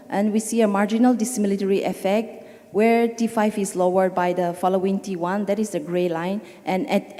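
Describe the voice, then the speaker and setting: A woman's voice: medium pitch, dark tone. A woman giving an academic conference presentation, speaking with hesitations and self-corrections. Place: conference hall. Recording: reverberant hall audio.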